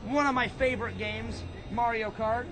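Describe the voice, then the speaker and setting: A man vlogging at a comic convention, goofy and over-the-top, shouting a catchphrase and giving shout-outs. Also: very high voice, steady tone, moderate pace. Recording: noisy convention crowd around.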